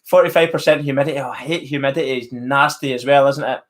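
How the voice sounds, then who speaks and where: With a medium-pitched voice, fairly even intonation and a fast pace, this Northern Irish man runs a live stream. He's friendly and talkative, casually reading viewer comments and saying each person's name.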